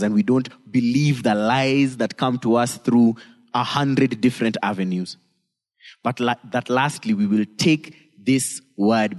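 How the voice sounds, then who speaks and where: A man preaching a sermon as pastor, emphatic, with sudden swings into high, dramatic delivery. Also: darkish tone. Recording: long reverb of a church hall.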